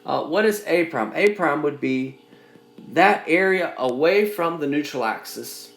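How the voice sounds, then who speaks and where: Man, engineering lecturer, slow deliberate delivery, slightly high voice, halting and repetitive, echoey room. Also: lively intonation, fairly bright tone. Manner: halting, repeats phrases while explaining. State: coughing now and then. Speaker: engineering instructor. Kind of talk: recorded lecture.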